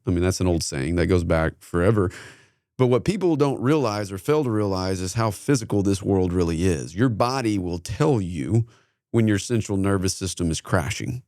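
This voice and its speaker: A man's voice: low-pitched, darkish tone, no echo, clean studio sound. A man hosting a podcast interview, speaking reflectively and drawing on sayings and his own experiences. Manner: thoughtful, leans on sayings and personal stories. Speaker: podcast host.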